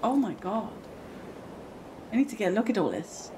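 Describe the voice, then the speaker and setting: A young British woman with a British accent giving excitable, gushing, chatty commentary while playing a video game. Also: mid-range voice, normal speed, background noise. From Britain. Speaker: gaming streamer. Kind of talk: casual gameplay commentary.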